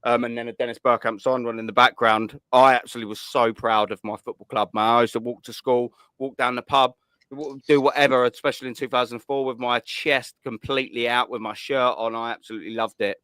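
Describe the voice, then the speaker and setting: A man's voice: medium pitch, fairly even intonation, fairly quick, pushed and bright, clean tone, dry recording, clean studio sound. A man hosting a live call-in stream, talking in blunt, laddish banter full of swearing. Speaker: host of a call-in show. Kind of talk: casual live stream chat.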